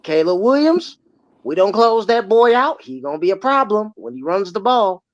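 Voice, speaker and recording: A podcast host, ranting about football in loud, mocking trash talk. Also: mid-range voice, very animated, normal speed, no echo. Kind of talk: heated sports podcast talk. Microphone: remote streaming mic. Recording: dry, slightly muffled audio.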